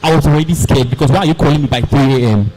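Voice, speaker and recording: A young man performing a dramatic spoken-word story in an animated, theatrical way. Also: a little high, racing, faint music behind, rough recording. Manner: animated, theatrical, voices the characters.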